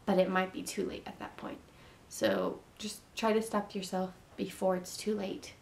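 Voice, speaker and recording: A woman's voice: medium pitch, little pitch movement, normal speed, vocal fry, a little hiss or hum. Earnest young woman giving advice. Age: young adult. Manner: earnest, repetitive, reassuring. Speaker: vlogger giving advice to teen parents. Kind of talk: casual advice vlog.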